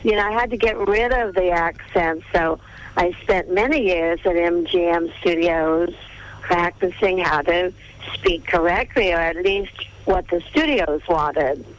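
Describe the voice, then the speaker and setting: An older woman who grew up in Texas, a veteran film star reminiscing in a radio interview over the phone, listing names at an unhurried pace. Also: fairly low pitch. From Texas, USA. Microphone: telephone. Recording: tinny phone line, radio broadcast.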